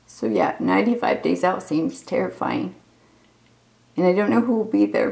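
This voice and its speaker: Gravelly-voiced woman in her forties, confessional. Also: on the low side, darkish tone, low-quality recording. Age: 40s. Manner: candid, emotional, rambling confessional talk. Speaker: vlogger. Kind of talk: unscripted personal video diary.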